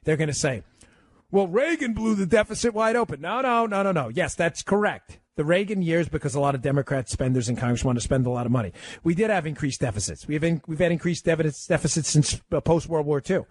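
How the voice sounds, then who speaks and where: A man guest-hosting a talk radio show, taking calls and making his points with rapid-fire emphasis. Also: a little high.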